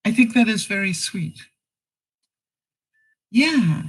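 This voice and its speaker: A man's voice: sits high, lively intonation, takes it slowly, a bit bright, slightly rough, rough recording. A man in a casual live stream, telling a story and speaking to viewers by name in a folksy way with frequent fillers. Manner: folksy, addresses commenters by name, frequent "you know". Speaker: vlogger answering live chat.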